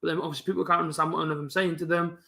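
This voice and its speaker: A young man, chatting casually on a live football watch-along, talking fast with a stutter and some mumbling. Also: fairly high pitch, level tone, gravelly, sharp tone, roomy sound. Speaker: football fan streamer hosting a live match watch-along. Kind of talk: casual live-stream chat.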